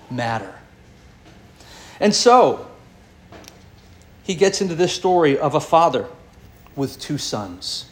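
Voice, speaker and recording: High-voiced man preaching a sermon. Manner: expressive preaching, pitch swinging high and low with pauses. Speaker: pastor.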